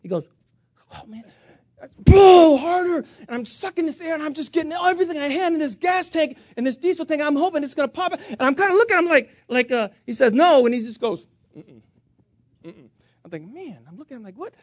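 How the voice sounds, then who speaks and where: A middle-aged man preaching, telling a story on himself with big swings between loud outbursts and quiet asides. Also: very high-pitched, quick pace, few pauses, dry recording. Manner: animated, self-mocking storyteller with voice swings. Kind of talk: sermon storytelling.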